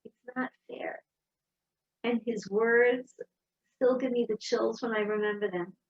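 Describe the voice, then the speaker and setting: A woman giving an inspirational talk, telling personal stories in a lively storytelling manner. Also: a little high, normal speed, highs cut off. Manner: storytelling, warm and animated. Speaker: speaker.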